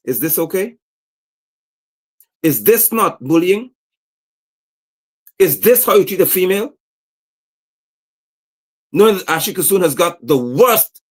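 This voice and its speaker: A man giving livestream political commentary, indignantly reading posts aloud and firing off rhetorical questions. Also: a little high. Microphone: streaming setup mic.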